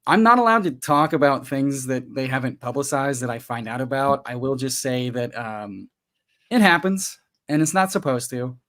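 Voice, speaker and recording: A man guesting on a podcast, telling stories in an animated, joking way. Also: medium pitch, moderate pace. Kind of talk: casual comedic chat.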